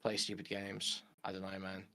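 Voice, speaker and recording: A man calling into a livestream, talking casually in a halting way with many repeated restarts. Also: low-pitched, monotone, sharp tone. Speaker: caller.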